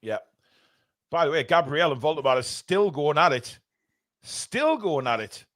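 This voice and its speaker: A man commentating live on a match for fans, excitable, shouting when play heats up and swearing in jokey banter. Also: on the high side, measured pace. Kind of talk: fan watchalong commentary.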